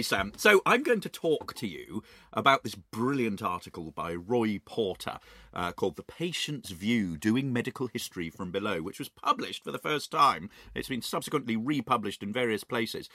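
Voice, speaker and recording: A man, a history professor co-hosting a podcast, talking with playful, animated enthusiasm from his home study. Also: mid-range voice, normal speed, no echo, studio quality. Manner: animated, playful, lively storytelling. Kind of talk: enthusiastic conversational podcast talk. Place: home study or shed, recording remotely.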